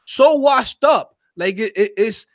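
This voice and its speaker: A man co-hosting a casual podcast conversation, talking in an animated, slangy, emphatic way. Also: high-pitched, slow. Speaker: podcast co-host.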